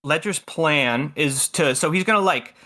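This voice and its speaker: A man's voice: fairly high pitch, unhurried, sharp tone. Rambling man describing his character's moves. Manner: rambling, lots of fillers. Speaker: player. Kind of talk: casual tabletop play.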